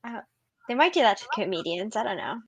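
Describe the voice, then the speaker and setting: A woman's voice: medium pitch, big pitch swings, a little fast, slightly rough, dry recording. A woman comedian chatting on a podcast in an upbeat way, using "like" often. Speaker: comedian guest. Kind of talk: casual chat on a video call.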